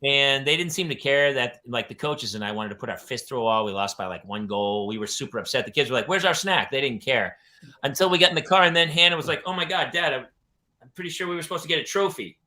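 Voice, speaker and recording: A middle-aged man co-hosting a casual chat, telling stories about his kids in an animated way. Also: medium pitch, quick pace. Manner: animated storyteller acting out his daughters. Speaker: podcast co-host.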